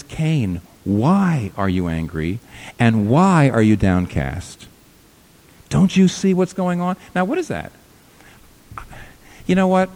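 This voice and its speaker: A man preaching a sermon as pastor, emphatic, rising to loud peaks and dropping to quiet low lines.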